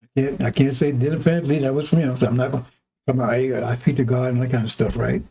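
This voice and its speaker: A man's voice: medium pitch, fast, gravelly, breathy edge. A man preaching in a rambling, conversational way, now and then acting out heated arguments in a raised voice. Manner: animated, acts out arguments with God in a raised voice. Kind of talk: rambling sermon.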